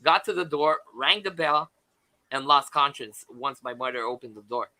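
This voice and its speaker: A man, a guest on a live panel, telling a personal story in a halting way with many restarts and fillers. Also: medium pitch, bright, forceful tone, poor audio.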